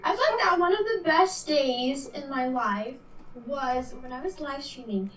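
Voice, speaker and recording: Woman guest streamer, high voice, excitable, echoey room, sounds far from the mic. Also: measured pace. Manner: excitable, gushing. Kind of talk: casual live stream chat.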